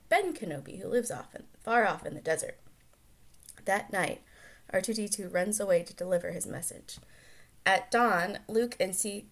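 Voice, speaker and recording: Woman reading a storybook aloud with chatty asides. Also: medium pitch. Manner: lively reading broken by chatty asides and self-corrections. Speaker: storyteller aunt. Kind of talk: reading a picture book aloud.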